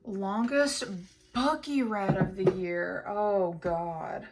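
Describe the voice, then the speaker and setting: A woman's voice: medium pitch, drawn-out words, darkish tone. Chatty, gushing woman book vlogger. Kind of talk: casual chat to camera.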